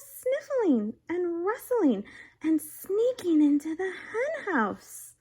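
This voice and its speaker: A woman teaching a young class from home, giving a slow, clear and encouraging lesson and reading a picture book aloud. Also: extremely high pitch, huge pitch swings, warm tone, roomy sound. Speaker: kindergarten teacher. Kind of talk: remote class lesson and story read-aloud.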